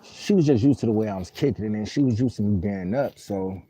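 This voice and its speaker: A man's voice: on the low side, fast talker, dark tone, breathy edge, poor audio. A man casually telling a story on a live stream, rambling in heavy street slang and cursing while he answers viewer comments. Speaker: livestream host.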